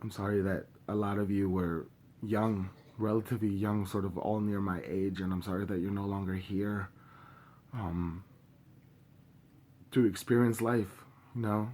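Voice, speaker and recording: A young man speaking straight to camera in a personal video, grieving and angry, impassioned and halting with many pauses, swearing openly. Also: on the low side, fairly even intonation, darkish tone. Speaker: vlogger.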